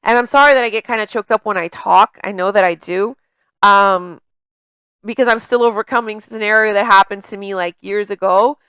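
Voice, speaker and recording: A woman speaks as a life coach in a loose, conversational way, full of "you know" and "like". She has a slight stutter and repeats words partway through a sentence. Her voice is smooth and resonant, recorded close with a dry sound. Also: medium pitch, fairly even intonation, a little fast, bright, forceful tone, no room sound. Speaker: emotional intelligence coach. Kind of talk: casual coaching monologue.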